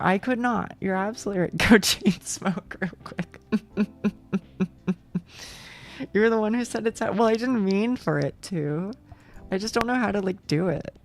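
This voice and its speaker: A woman's voice: medium pitch, vocal fry. A young woman streaming, chatting casually with viewers, rambling and swearing with frequent laughs.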